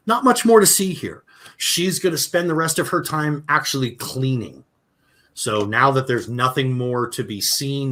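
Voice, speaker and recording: A man runs a tabletop game as game master, narrating the scene in a loose, casual way. He fills pauses with ums and restarts his sentences. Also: mid-range voice, pushed and bright. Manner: casual, filler-heavy narration.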